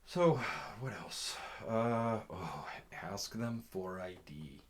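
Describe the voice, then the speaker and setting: A man's voice: deep voice, lively intonation, drawn-out words. A man telling casual storytime anecdotes in a rambling, profane, laid-back way.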